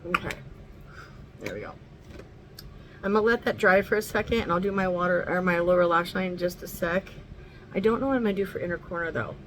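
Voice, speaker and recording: A woman's voice: fairly low pitch, animated, quick pace, long pauses, fairly bright tone, rough recording. Woman, casual makeup vlog, rambling, chatty, light cursing, home recording, faint background noise. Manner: talks sweetly to her dog. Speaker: makeup vlogger. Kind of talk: casual makeup tutorial chat.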